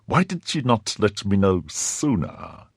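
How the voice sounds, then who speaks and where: A calculating, powerful cardinal, as a male reader voices him, probing and quietly commanding. The voice is deep and husky, with lively rises and falls. The recording is close and dry. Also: takes it slowly, no room sound, exaggerated voice. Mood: terse.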